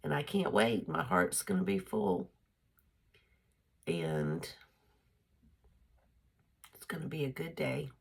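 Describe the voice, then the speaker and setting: A woman's voice: a bass voice, wildly swooping pitch, slow pace, vocal fry, long pauses, slightly rough. An older woman, chatting casually in a homespun vlog. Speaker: vlogger. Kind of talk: casual chat.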